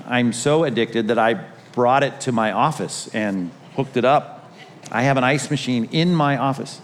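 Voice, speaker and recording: Pastor preaching in a reverberant hall. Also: male voice, mid-range voice, a little hiss or hum. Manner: storytelling, conversational with self-deprecating humor. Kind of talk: sermon. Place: large church hall. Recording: reverberant hall, faint ambience.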